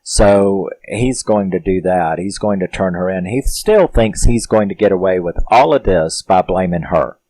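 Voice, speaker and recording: Male film reviewer, deep voice, chatty rambling recap with laughs, dry booth sound. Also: moderate pace, hardly any pauses, dark tone, dry recording. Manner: rambling, loose, with frequent "you know" fillers; laughs often while retelling.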